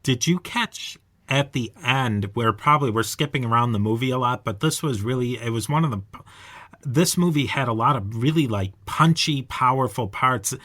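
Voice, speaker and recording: Man, podcast host, middle pitch, reflective, casual discussion. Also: moderate pace, a bit bright. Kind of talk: conversational discussion.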